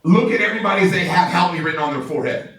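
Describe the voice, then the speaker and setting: Man, sales trainer, high voice, energetic, excitable, laughs often, very echoey room. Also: very fast, distant mic. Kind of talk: motivational training talk. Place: large room with a live audience.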